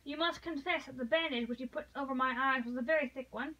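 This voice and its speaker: A woman's voice: high-pitched, fast talker, sharp tone, distant mic, dull audio. A woman voicing a noble English lady who pleads with passion, read aloud from a novel. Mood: pleading. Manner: impassioned, pleading.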